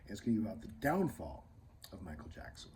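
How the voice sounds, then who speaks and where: A man's voice: fairly low pitch, sing-song, quick pace, slight background noise, rough recording. A man hosting his own channel in a casual, rambling monologue, full of fillers and restarts, sometimes dropping into muttered asides. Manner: drifts between loud and muttered asides. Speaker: channel host.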